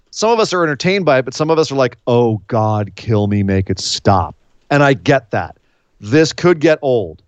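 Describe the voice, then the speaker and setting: An American man co-hosting a wrestling podcast, talking in a rambling, animated casual chat with many fillers. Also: mid-range voice, no echo, muffled recording. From United States.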